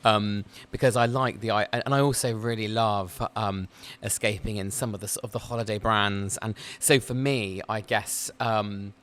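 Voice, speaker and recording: A man's voice: lowish voice, steady tone, normal speed, few pauses, a bit bright. A man who works in PR, a podcast guest chatting over afternoon tea in a restaurant, enthusiastic and hesitant with many fillers. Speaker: PR agency director, podcast guest. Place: restaurant in the city.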